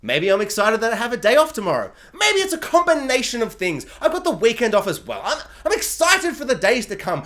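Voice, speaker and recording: Casual male reviewer, sarcastic and rambling, lively swooping delivery. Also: very high voice, fairly quick, few pauses. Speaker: video reviewer.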